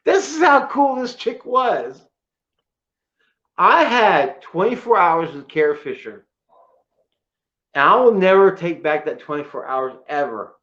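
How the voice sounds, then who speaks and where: A man's voice: high-pitched, a little slow, long pauses, muffled recording. A man chatting casually as a co-host, telling emotional stories about his collection. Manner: excitable storyteller, emotional and choked up at times. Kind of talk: casual chat.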